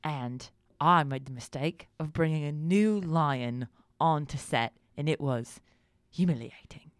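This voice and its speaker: A woman impersonating an older male film star, drawling slowly and half-breathed. The voice is pitched a little low with a smooth, clean tone. The sound is close and dry, in a comedy podcast bit. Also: no echo. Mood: hushed. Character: impression of an older male film actor, hushed and rambling.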